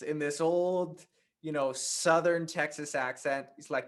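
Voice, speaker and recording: A man teaching a writing workshop, telling a personal anecdote in a conversational, animated way. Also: a little high, normal speed. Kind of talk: workshop talk with storytelling.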